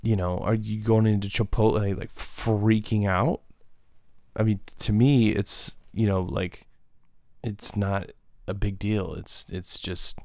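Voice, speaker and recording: A man hosting a solo comedic podcast, rambling in a deadpan, profane way. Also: fairly low pitch, slow pace, no room sound, studio quality. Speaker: podcast host.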